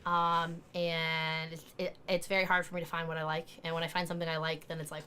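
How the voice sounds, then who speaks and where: Lively, bright-voiced American woman. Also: sits low, slight background noise. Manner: lively, laughs often, quick exclamations. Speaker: co-host of a live stream. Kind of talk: casual chat.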